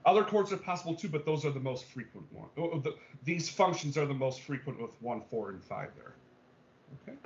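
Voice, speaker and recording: Teaching music theory over a video call, this man speaks a little fast in an expressive, higher-than-average voice. He walks through the material step by step, dropping many okays and ums and making sure students keep up. The sound is dull, lo-fi video-call audio.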